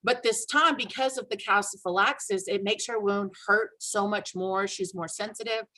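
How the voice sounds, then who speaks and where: A woman casually telling a personal story on a video call, animated and acting out the dialogue she quotes. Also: medium pitch, normal speed, poor audio. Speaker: guest sharing a testimonial.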